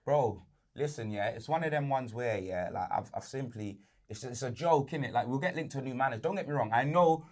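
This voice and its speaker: A man's voice: medium pitch, brisk, darkish tone. A young man ranting about his football team in casual slang, exasperated and emphatic. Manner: ranting, exasperated, street slang tags on every line. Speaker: football fan pundit.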